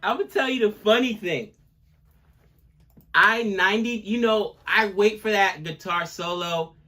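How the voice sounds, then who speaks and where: A man's voice: sits high, a little slow, bright, forceful tone. A man in his forties chatting casually as a co-host of a music reaction video. He rambles and gushes, often checking in with "you know what I mean". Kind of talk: casual chat.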